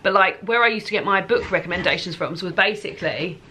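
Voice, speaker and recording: Bright-voiced chatty woman vlogger. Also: fairly low pitch, quick pace, slight background noise. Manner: chatty and rambling, with many fillers and laughs. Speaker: book vlogger. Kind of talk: casual chat to camera.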